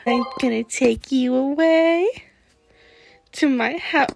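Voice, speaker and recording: A woman's voice: high voice, unhurried, darkish tone, no echo. A woman hosting a gaming channel, chatting casually and giggling as she talks to the characters in her game. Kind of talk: casual gameplay commentary.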